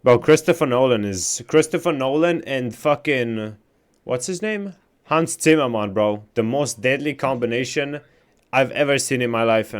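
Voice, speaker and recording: A man streaming a game live, chatting casually with his chat, swearing often and reacting loudly to what he reads. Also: mid-range voice, moderate pace.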